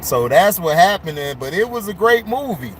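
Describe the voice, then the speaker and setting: A man reviewing a movie in casual chat while driving on delivery rounds, loose and excitable, repeating himself often. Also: high-pitched, moderate pace, a little hiss or hum.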